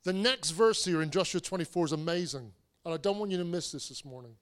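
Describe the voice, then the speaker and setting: A man's voice: fairly high pitch, fast. A man, preaching a sermon in a conversational storytelling way, with restarts and self-deprecating asides. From England. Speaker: pastor.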